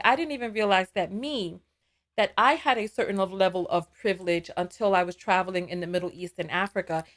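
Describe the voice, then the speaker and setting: A woman hosting a live call-in show, talking in a conversational, digressive way and taking calls. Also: mid-range voice.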